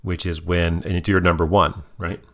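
A man co-hosting a casual podcast with his daughter, animated and quick to slip into silly character voices. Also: low voice. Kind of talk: casual chat.

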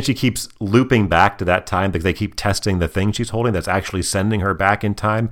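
A man hosting a casual chat, recapping an episode with playful, animated storytelling. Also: deep voice, a little fast. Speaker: podcast host.

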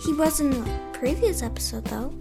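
A young girl with a fairly high voice co-hosts a casual podcast. She tells rambling stories and giggles easily, and there's faint music in the background. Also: fairly quick. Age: child. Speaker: podcast co-host. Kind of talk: casual chat.

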